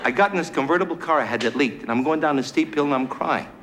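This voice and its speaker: A man's voice: on the high side, quick pace, a crowd in the background. Wisecracking middle-aged man doing stand-up. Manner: brash, wisecracking punchline delivery. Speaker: stand-up comedian. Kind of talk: stand-up comedy routine. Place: TV studio stage. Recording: 1970s live TV broadcast with a roaring audience. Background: audience laughter.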